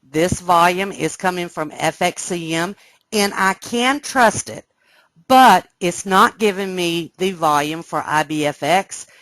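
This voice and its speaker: A woman teaching a live trading webcast, explaining step by step and often checking that listeners follow, sounding excited. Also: lowish voice, unhurried, no echo. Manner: excited, animated. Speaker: trading instructor. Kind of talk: live trading room lesson.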